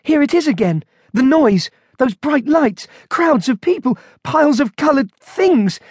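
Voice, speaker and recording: A man's voice: fairly high pitch, fairly quick, dry recording, lightly acted. A man voicing a frightened medieval monk who is lost in time, speaking in quavering, panicked exclamations.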